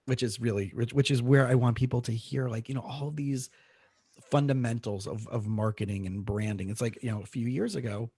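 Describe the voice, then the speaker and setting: A man's voice: medium pitch, fairly quick, mellow, slightly rough, no room sound. A man, a therapist and coach, hosting a podcast interview and talking in a conversational way. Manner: conversational, often asks "right?".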